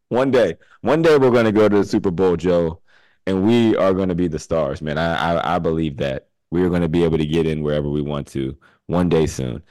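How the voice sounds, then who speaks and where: A man's voice: deep voice, a little fast, a little mellow, dry recording. A man hosting a podcast in casual chat, joking, laughing often and steering the conversation. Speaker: podcast host.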